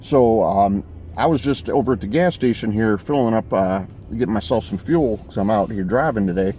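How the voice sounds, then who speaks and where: Low-voiced rambling man, deadpan. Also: moderate pace, a little hiss or hum. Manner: rambling, filler-heavy, deadpan. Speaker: comic character vlogger. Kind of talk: rambling comic monologue. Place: in a vehicle, driving.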